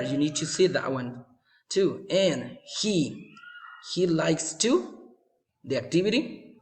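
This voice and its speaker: Male teacher, video lesson for kids; patient, repetitive, slightly high voice. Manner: slow, repetitive, checking with "okay?". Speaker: English teacher.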